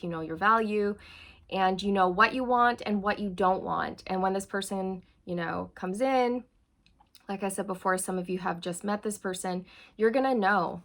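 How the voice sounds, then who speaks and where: A woman with a mid-range, fairly bright voice gives her viewers a channeled tarot reading. She sounds earnest and reassuring, frequently checking in with "okay" and "you guys."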